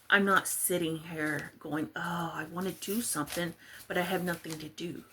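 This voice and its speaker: A Texas woman who makes crafting vlogs chats casually and rambles while working on a craft project, in a chatty, self-deprecating way. Her voice is mid-range with a fairly bright tone, and there's a little hiss or hum in the recording.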